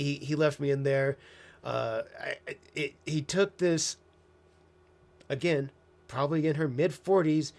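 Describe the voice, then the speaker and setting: A man talks through a personal story in a loose, unscripted monologue. He is blunt and profane, trailing off and circling back, with dry sarcastic asides. His voice sits a little higher than most men's. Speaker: host.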